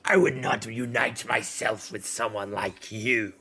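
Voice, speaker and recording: A man voicing a scornful, gruff pirate captain who sneers and raises his voice. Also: on the low side, steady tone, unhurried, bright, forceful tone, full character voice.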